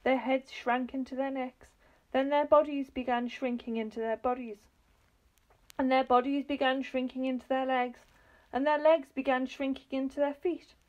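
Woman storyteller, fairly high voice, expressive, children's book reading. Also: normal speed, highs cut off.

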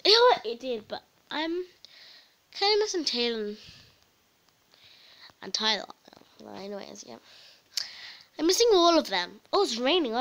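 A woman's voice: fairly high pitch, a bit bright, rough recording. A woman chatting casually and rambling as she narrates her own game role-play. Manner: chatty, rambling, with many restarts.

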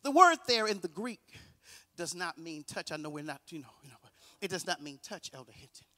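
A man preaching a guest sermon in a church, calling on the congregation to repeat after him and swinging between hushed lines and shouted, half-sung ones. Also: fairly high pitch, sing-song, brisk, big-room sound. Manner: call-and-response preaching, shouting and half-singing. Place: church sanctuary.

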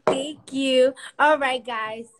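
A young woman chatting on a phone live stream, nervous and giddy, rambling with loud laughs and squeals. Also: high voice, fairly even intonation, takes it slowly, background noise. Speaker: Instagram live co-host. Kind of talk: casual live-stream chat. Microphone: phone camera.

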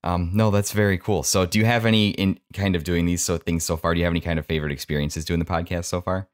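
A man's voice: low-pitched, steady tone, quick pace. A man hosting a podcast, an eager and enthusiastic interviewer in casual chat. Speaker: podcast host.

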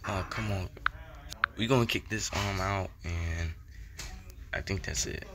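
A young man giving casual commentary over his football video game, slangy and excitable, repeating chants and getting hyped on big plays. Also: deep voice, a little slow, crowd noise. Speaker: gaming YouTuber. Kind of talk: gameplay commentary.

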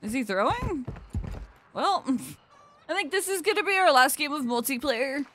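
A young adult woman streaming a shooter game, chatting with viewers, swearing freely and reacting loudly to tips. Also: high voice, normal speed. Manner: excitable, swears a lot, reacts loudly to donations. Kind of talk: live gaming stream chat and commentary. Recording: noisy home stream recording with keyboard clicks.

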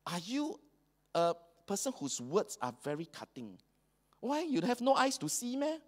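A man's voice: high voice, wildly swooping pitch, normal speed. A man with a Singaporean English accent preaching a sermon in a church hall, slipping colloquial local phrases into his talk. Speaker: pastor.

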